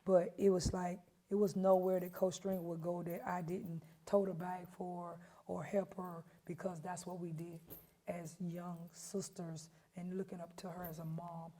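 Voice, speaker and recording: A woman in her fifties, a head coach, telling stories in an emphatic, animated way during an interview. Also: fairly low pitch, moderate pace. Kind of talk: storytelling interview.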